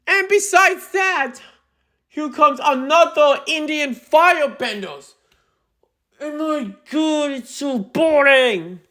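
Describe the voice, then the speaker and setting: A young woman with a high-pitched voice rants through a movie review, exasperated and emphatic. She talks slowly and deliberately, then often breaks into shouting. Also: animated. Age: young adult.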